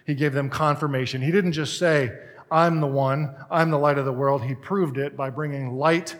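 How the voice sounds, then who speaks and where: Animated male preacher with a bright pitch. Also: moderate pace, big-room sound. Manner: conversational, animated storytelling preacher. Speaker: pastor. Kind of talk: sermon.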